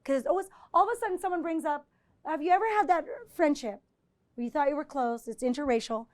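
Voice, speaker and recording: A woman's voice: sits high, quick pace. A woman professor giving a live lecture to an audience and taking their questions. She talks in a conversational way, keeps checking in with "right?" and acts out the exchanges she quotes. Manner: conversational, often checks in with 'right?'. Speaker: visiting professor giving a presentation.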